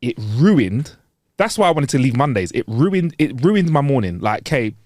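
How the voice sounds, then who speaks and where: A man, co-hosting a podcast in casual chat, animated and jokey with lots of slang. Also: mid-range voice, normal speed, dry recording, clean studio sound. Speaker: podcast co-host. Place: studio.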